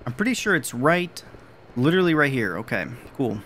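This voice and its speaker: A man's voice: medium pitch, very animated, brisk, fairly bright tone, a little hiss or hum. Man narrating a horror game, swearing. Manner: casual, swears a lot, jumpy reactions. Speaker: gaming video creator. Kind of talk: horror game let's play commentary.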